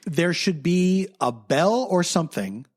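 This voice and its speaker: A man's voice: sits high, animated, a little slow, breathy edge. A man co-hosting a podcast, telling a story in casual chat and laughing often. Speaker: podcast co-host.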